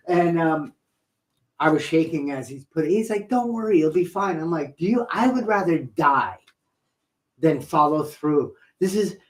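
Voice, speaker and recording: A middle-aged man co-hosting a talk show, telling a story in a playful, animated way and acting out what people said. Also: a little high, poor audio. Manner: animated, playful storyteller who acts out quotes. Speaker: podcast co-host. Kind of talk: casual storytelling chat.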